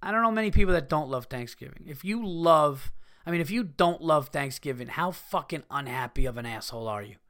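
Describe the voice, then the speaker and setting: A man hosting a casual solo podcast, ranting in a profane, animated way. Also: on the high side, a little fast. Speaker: podcast host.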